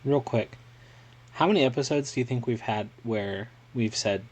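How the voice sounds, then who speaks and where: A man co-hosting a podcast in casual chat, tossing in quick jokes and asides. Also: mid-range voice, darkish tone, slightly rough. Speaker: podcast co-host.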